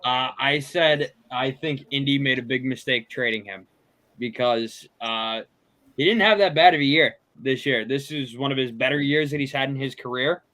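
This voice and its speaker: A man's voice: medium pitch, normal speed, bright, forceful tone. A man appearing as a podcast guest, giving plain, matter-of-fact opinions with some fillers. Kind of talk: casual podcast chat.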